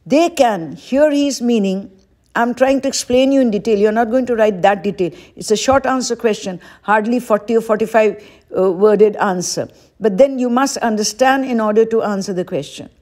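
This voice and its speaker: A woman's voice: on the high side, normal speed, a little mellow. A woman teacher giving an exam-prep lesson, patiently repeating each question aloud as she explains it. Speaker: English teacher.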